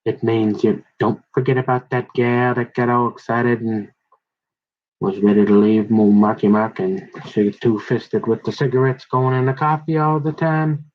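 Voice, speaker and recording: A man's voice: mid-range voice, little pitch movement, moderate pace. A middle-aged man rambling in a folksy, confrontational monologue full of slang, recorded on a dull lo-fi mic. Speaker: vlogger.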